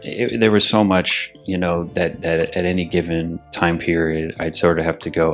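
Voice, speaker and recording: A deep-voiced man talks casually about acting in an interview. He rambles and restarts often and repeats his words. Soft music plays behind him. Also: level tone, moderate pace, few pauses. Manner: acts out his own frantic thoughts in a loud, high voice. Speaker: actor interviewed.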